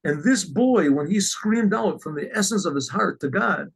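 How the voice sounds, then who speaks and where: A man, a rabbi, telling a religious story in an animated way, often clearing his throat. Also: sits high, moderate pace, rough recording.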